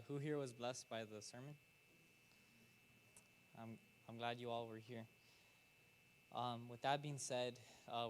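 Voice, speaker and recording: A man's voice: medium pitch, slight background noise. A man giving casual church announcements in a hesitant way, often stopping with fillers and restarts. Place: church sanctuary.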